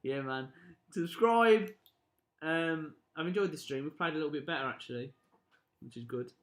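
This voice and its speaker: A young man from Birmingham with a Birmingham accent, chatting and reacting loudly while hosting a football watch-along stream. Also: on the high side, lively intonation, normal speed. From Birmingham, England. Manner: chatty, reacts loudly, plugs likes and subscribes. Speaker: live stream host. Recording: echoey room.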